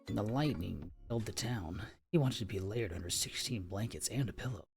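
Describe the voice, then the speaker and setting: Gravelly man reading a story aloud. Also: lowish voice, lively intonation, music in the background. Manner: stumbles on words and pauses to comment on them. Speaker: streamer reading a novel aloud. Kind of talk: casual read-aloud on a live stream.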